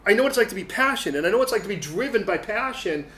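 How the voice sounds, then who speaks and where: High-voiced man preaching in an echoey hall. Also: very fast. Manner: animated, humorous storytelling. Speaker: pastor. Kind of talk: sermon. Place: church hall. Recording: echoey hall, faint noise.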